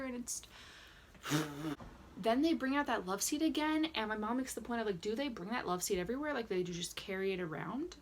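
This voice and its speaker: A woman's voice: medium pitch, a little fast, gravelly, slight background noise. Chatty sarcastic young woman vlogger. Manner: chatty, sarcastic, lots of "like" fillers. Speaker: vlogger recapping a reality dating show. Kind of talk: casual reaction vlog. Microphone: camera mic with ring light, indoors.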